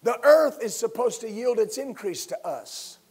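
A man preaching a sermon as pastor, building to loud emphatic bursts and leading his listeners in call-and-response. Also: very high-pitched, animated, measured pace, slightly rough.

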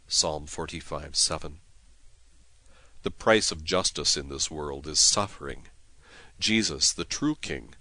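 A priest giving a solemn, measured devotional reading of prayers and scripture, with some prayers recited in Latin. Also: male voice, sits low, pushed and bright, dry recording.

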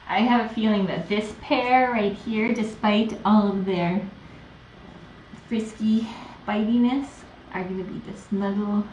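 Kitten caretaker, woman, slow sing-song baby talk, dull noisy livestream audio from across the room. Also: mid-range voice, darkish tone, reverberant, distant mic. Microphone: room camera mic from a distance.

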